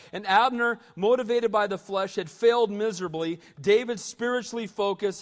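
A man preaching a sermon as pastor, emphatic and animated, calling out "amen?" to the congregation. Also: high-pitched, long reverb tail. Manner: emphatic preaching, rising to loud bursts, asking "amen?".

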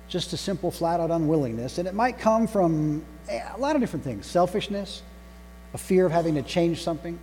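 A man delivering a sermon, pausing to stress single words with deliberate emphasis. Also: fairly high pitch, warm tone. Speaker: pastor. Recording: long reverb hall with faint mains hum.

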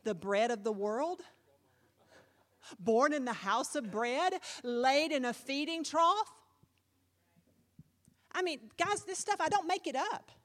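High-voiced woman preaching in an echoing hall. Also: lively intonation, takes it slowly, long pauses. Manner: dramatic, swings from hushed to loud, quotes scripture with fervor. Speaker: pastor. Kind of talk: sermon.

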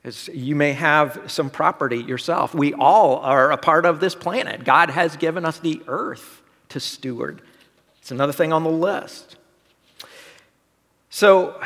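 A man's voice: on the high side, a bit bright, in a large hall. A male pastor giving a conversational sermon, asking the congregation questions. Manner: conversational preaching with rhetorical questions.

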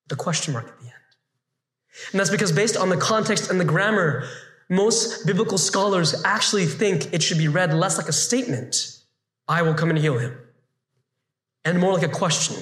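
A man teaching a scripted Bible lesson in an animated way, full of rhetorical questions. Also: sits high, echoey room.

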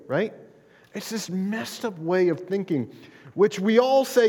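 A fairly high-voiced man preaches to his congregation, talking it through casually, restarting his words and tossing in "right?" as he goes. His voice rings out with a long hall reverb, as if from a church sanctuary. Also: expressive, measured pace, a little mellow, husky. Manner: conversational preaching with frequent restarts and "right?" asides. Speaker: pastor. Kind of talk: sermon.

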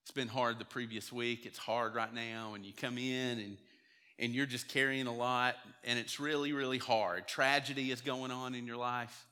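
A man's voice: medium pitch, flat delivery, moderate pace, bright, forceful tone, clear, resonant tone. A man, preaching a sermon to his church in a conversational storytelling way and acting out the voices of people he quotes. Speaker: pastor. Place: church sanctuary. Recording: church hall reverb.

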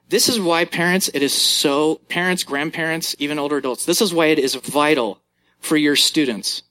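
A young male youth pastor delivers a sermon with a bright, forceful tone. He tells stories with lively jumps in pitch, acting out little moments as he goes.

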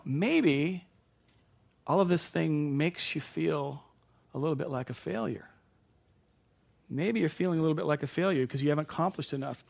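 A middle-aged man preaching a sermon in a conversational way, correcting himself and then suddenly getting loud to stress a point. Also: fairly high pitch, gravelly. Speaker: pastor.

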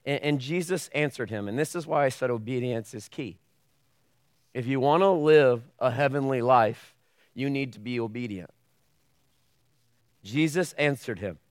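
A man preaching a sermon in a church, opening with a hushed, earnest prayer and then talking casually and acting out the voices he quotes. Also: mid-range voice, moderate pace, pauses often, no room sound, clean studio sound. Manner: hushed, earnest tone while praying. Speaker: pastor. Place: church sanctuary with a video screen.

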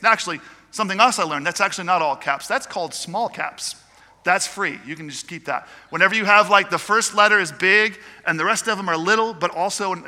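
Male pastor, high and very bright tone, chatty joking sermon, long church reverb. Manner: chatty, with joking asides to the congregation. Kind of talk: conversational sermon.

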